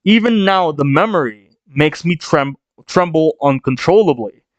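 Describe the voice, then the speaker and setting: A man's voice: fairly high pitch, lively intonation, a little slow, dry recording, highs cut off. A man reading aloud the lines of a timid, traumatized character from a manga. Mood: meek.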